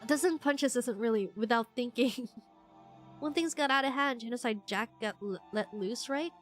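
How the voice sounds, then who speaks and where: A woman streaming a visual novel, chatting casually and reading the characters' lines aloud with lively, shrill put-on voices. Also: moderate pace, faint music behind.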